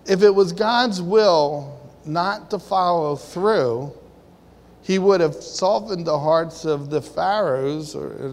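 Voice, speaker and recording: A man with a fairly high, darkish voice preaches a conversational sermon, asking his congregation questions and acting out the people in the story. A long hall reverb fills the recording.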